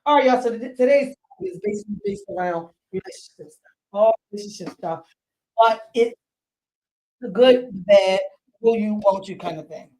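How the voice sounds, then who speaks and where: A woman hosting a casual studio chat show, loud, playful and teasing with her guests. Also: mid-range voice, animated, normal speed, rough recording. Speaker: host. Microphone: podcast studio mic.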